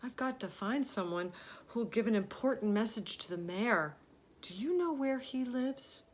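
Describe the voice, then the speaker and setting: A woman voicing a gentle, polite male alligator in a storybook reading. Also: fairly high pitch, lively intonation, a little slow, voice pushed up. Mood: earnest.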